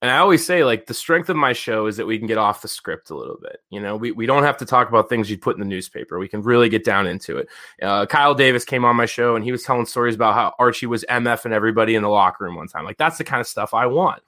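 A man in his thirties hosting a podcast, telling stories in a casual, profane, animated way, full of filler words. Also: lowish voice, fast. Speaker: podcast host. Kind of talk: casual storytelling chat.

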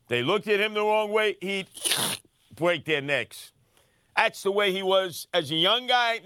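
A man from Brooklyn talks on the radio in a brash, mocking way. His voice sits high, smooth and clear. It is close and dry, with no room sound around it. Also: sharp tone, no echo. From Brooklyn, New York. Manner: brash, mocking New York street talk. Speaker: radio host. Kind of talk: talk radio banter and commentary.

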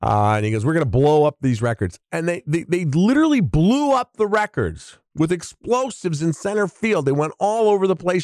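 A man in his sixties hosting a podcast, telling stories in a chatty, animated way with big pitch swings. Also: dry recording, studio quality. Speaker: podcast host. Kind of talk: casual storytelling monologue.

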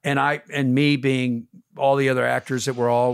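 A man in his sixties, an actor guest, telling animated stories in a casual podcast interview, sometimes swearing. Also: mid-range voice, moderate pace, vocal fry, clean tone, no echo, clean studio sound, soft background music. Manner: animated storyteller, swearing, acts out quotes. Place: podcast studio. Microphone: studio headphones and mic.

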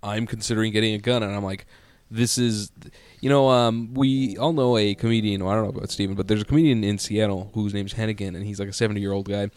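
A man's voice: on the low side, fairly even intonation, fast, hardly any pauses, darkish tone. A man co-hosting a podcast in casual chat, telling stories in a chatty way. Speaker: podcast co-host.

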